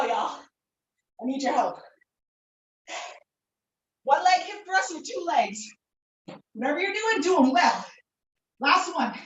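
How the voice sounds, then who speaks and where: A woman leading a live workout class, energetic and encouraging, laughing and whooping while out of breath. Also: high voice, far from the mic. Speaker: fitness instructor. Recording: echoey room, voice from off-mic.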